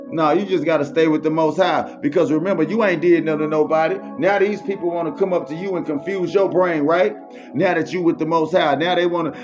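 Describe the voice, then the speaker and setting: Man, fairly high voice, slangy repetitive preacher style, muffled lo-fi sound with soft music behind. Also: fairly even intonation, a little fast. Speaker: motivational speaker. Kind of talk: faith-based motivational monologue. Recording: muffled lo-fi recording.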